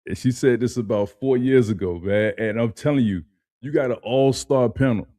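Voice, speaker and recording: A man's voice: mid-range voice, normal speed, warm tone, dry recording, clean studio sound. A man hosting a casual reaction video, talking loosely with slang and repeated phrases before playing a clip.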